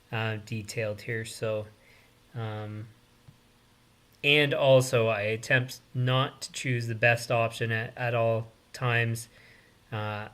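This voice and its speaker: A man hosting a live stream, thinking aloud in an unhurried way with pauses and fillers. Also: mid-range voice, bright, forceful tone. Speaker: host. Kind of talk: casual live-stream commentary.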